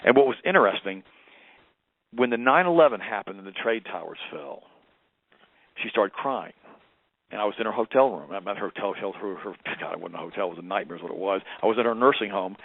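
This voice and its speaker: Fast-talking man on a phone line. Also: fairly low pitch, animated, vocal fry, dry recording. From United States. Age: 50s. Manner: impassioned storytelling, rising when quoting. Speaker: guest. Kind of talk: radio interview. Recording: tinny phone line, dry.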